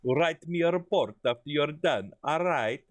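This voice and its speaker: A man's voice: a little high, lively intonation, a little slow, no room sound, pitched above the performer's own voice. A man doing Karat, a doting accented letter writer. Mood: fond, fussing. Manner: hammy put-on accent, fond and fussing tone. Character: doting woman letter writer with a heavy exaggerated Eastern European accent. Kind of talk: reading game letter aloud in a put-on voice.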